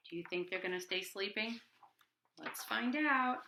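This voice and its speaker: A woman reading a bedtime picture book aloud to children, hushed and half-whispered, with playful loud bursts. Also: medium pitch, lively intonation, moderate pace. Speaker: children's storybook reader.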